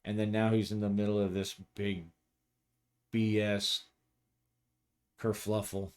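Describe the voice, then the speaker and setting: A worn-out veteran cop who talks flatly and bluntly, as a man plays him. His voice stays low-key and tired, with no patience left. This is a tabletop role-play voice. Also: slow. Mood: weary. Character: weary veteran male cop, dry and blunt.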